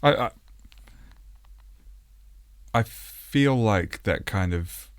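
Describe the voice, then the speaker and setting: A man as an interview guest, thoughtful and hesitant, often pausing and searching for words. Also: lowish voice, animated, smooth, no room sound, studio quality. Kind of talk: casual interview chat.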